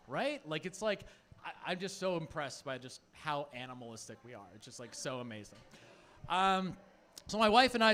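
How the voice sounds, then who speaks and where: A man's voice: on the high side, fairly bright tone. A man in his thirties from Phoenix, Arizona, performing a rambling, chatty stand-up set full of "like" fillers. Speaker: stand-up comedian.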